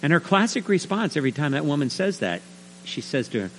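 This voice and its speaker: A middle-aged male pastor preaching a sermon, animated and acting out little scenes with put-on voices. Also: a little high, fast. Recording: reverberant hall with faint mains hum.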